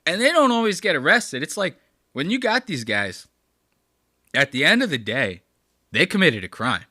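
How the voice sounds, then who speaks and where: Crude, animated male commentator. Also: a little high, moderate pace, no echo, studio quality. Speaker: host. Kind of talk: casual video commentary.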